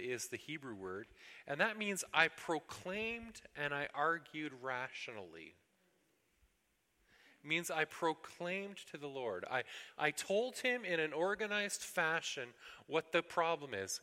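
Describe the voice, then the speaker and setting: A man's voice: a little high, big pitch swings, unhurried, sharp tone, long reverb tail. A man preaching a sermon earnestly, now and then acting out pleas to God in a raised voice. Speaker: pastor.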